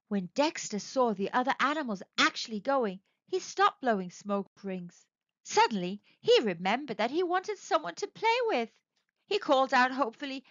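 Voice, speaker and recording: A woman narrating a children's story aloud in an expressive, sing-song way. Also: sits high, moderate pace, dry recording, muffled recording.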